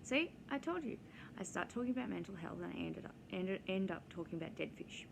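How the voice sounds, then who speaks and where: A woman's voice: fairly low pitch, lively intonation, fairly quick, vocal fry. A woman, talking casually in a rambling, digressive way full of ums and side stories for her vlog. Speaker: vlogger. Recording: noisy background hiss.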